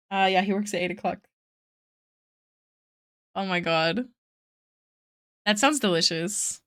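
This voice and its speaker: A woman's voice: mid-range voice, a little slow, pauses often. Woman art streamer, casual and giggly, talking to chat at her desk mic. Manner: chatty, giggly, reads chat aloud.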